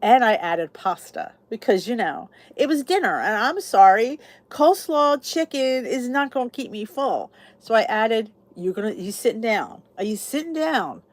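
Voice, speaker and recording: A woman's voice: a little high, very animated, moderate pace, hardly any pauses, dry recording. A woman hosting her own channel, chatting casually with viewers and answering their comments. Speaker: YouTube channel host. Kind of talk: casual live chat with viewers.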